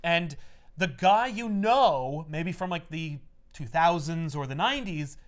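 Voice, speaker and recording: A man with a high, very lively voice hosts a relaxed comic book chat. He tells stories with animated energy. He slips in and out of quick character voices as he goes. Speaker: podcast host.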